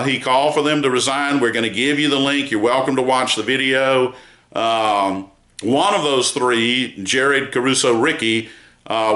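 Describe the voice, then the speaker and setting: Man, news commentary, bright forceful voice, emphatic, echoey room. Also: medium pitch. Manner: measured, emphatic, frequent "uh" fillers. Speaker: news site founder giving a report.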